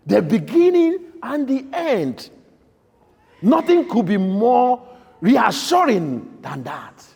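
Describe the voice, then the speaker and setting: A male priest delivering a homily with a high, lively voice that leaps between bursts of shouting and near-whispered lines. His tone is husky with a gravelly edge. The sound rings with the long echo of a church. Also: slow. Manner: emphatic, swinging between loud outbursts and soft quiet lines. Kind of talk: sermon. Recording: echoey church hall.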